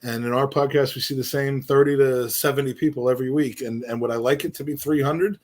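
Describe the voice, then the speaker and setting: A middle-aged man talking casually on a podcast at an ordinary pitch. He rambles earnestly and trips over his own restarts as he thinks aloud. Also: fairly even intonation, quick pace, darkish tone. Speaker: podcast co-host. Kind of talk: casual chat.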